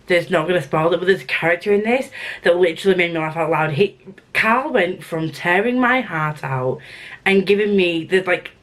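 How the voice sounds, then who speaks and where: A young woman with a Yorkshire accent talks to camera about what she has been reading. She rambles, doubles back and restarts her sentences, in an easy, casual vlog manner. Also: fairly low pitch. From Yorkshire, England. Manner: chatty and rambling, with restarts and laughs. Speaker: book vlogger.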